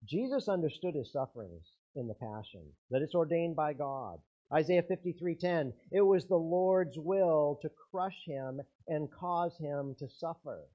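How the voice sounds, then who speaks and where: Earnest preaching man, slightly high voice. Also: animated, measured pace, few pauses, muffled recording. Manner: earnest preaching, rises and falls in intensity. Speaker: pastor. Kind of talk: sermon.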